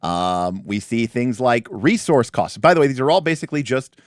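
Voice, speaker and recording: He hosts a tabletop game stream, reviewing rules in a chatty, animated manner and repeatedly breaking off to restart or add an aside. The man's mid-range voice keeps a moderate pace, captured in clean studio sound without echo.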